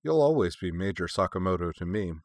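A man reading a storybook voices a wounded man with a dry, deadpan wit. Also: sits low, a little fast, no room sound.

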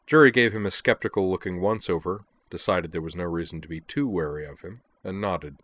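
Male audiobook narrator, very low voice, dry close sound. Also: brisk, hardly any pauses, a bit bright, no room sound. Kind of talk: scripted narration.

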